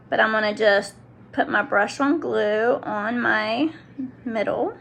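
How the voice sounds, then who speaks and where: A middle-aged woman with a fairly high voice explains each step casually and keeps breaking off mid-sentence. She talks straight to her viewers. Faint household noise sits behind her. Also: creaky. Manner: chatty, self-interrupting, talks to viewers and kids. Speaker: nail product seller demonstrating on a live stream. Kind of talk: casual live demonstration.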